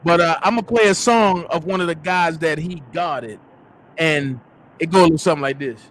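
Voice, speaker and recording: A man hosting a casual livestream, calling out loudly to his viewers in slangy, hyped talk. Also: fairly high pitch, moderate pace. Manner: loud, hyped, slangy call-outs to viewers. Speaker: livestream host.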